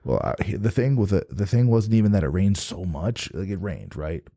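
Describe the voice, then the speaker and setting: A man's voice: low-pitched, sing-song, a little fast, gravelly, dark tone, dry recording, studio quality. A man from New Jersey telling a long, rambling story with lots of cursing and restarts in casual chat. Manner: profane, rambling, with many restarts. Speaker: guest.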